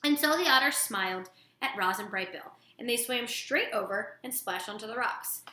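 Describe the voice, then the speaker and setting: A woman reading a children's novel aloud with animated, dramatic storytelling. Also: fairly high pitch, moderate pace. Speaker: storybook reader. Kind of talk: expressive read-aloud narration. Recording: roomy echo.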